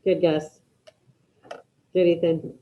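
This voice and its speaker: A woman teaching a Spanish class online, brisk and encouraging, calling out students by name as she checks their answers. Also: lowish voice, flat delivery, narrow, tinny audio.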